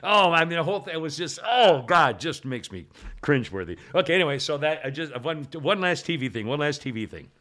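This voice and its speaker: A man's voice: on the high side, lively intonation, fast talker, fairly bright tone. An older man hosting a podcast, telling long rambling stories in casual chat and laughing often. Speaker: podcast host.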